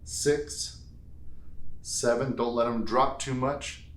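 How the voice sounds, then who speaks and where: Slow, patient male workout coach. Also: medium pitch, steady tone, a bit bright. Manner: counts reps aloud, playful asides. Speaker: fitness instructor. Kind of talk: guided workout instruction. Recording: echoey room.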